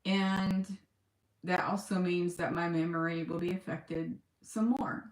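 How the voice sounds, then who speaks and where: A woman talking in a personal video diary, on the edge of tears, halting and emotional, with sighs and pauses. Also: on the low side, level tone, roomy sound. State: close to tears. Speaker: vlogger.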